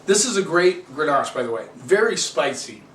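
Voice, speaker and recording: A man's voice: on the high side, very animated, normal speed, a bit bright. Opinionated man reviewing wine, echoey room. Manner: opinionated, chatty, rants with rhetorical questions. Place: home room with cameraman. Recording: echoey room, distant camera mic, faint hiss.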